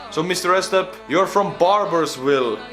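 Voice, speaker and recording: Animated Estonian man reacting. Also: sits high, normal speed, music in the background. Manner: animated, exclaiming, laughing. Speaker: YouTuber reacting to a video. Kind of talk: casual reaction commentary.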